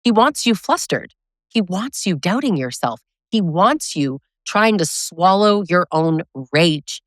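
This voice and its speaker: Low-voiced woman educator, emphatic. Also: animated, slow, no echo, clean studio sound. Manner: emphatic, keeps adding "right?"; direct, coaching tone. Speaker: abusive relationship educator. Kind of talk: direct-to-camera talk.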